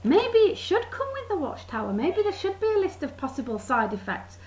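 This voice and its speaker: Sarcastic high-voiced woman vlogger. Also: big pitch swings, brisk, slight background noise. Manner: sarcastic, reading aloud from a leaflet. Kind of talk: casual vlog commentary.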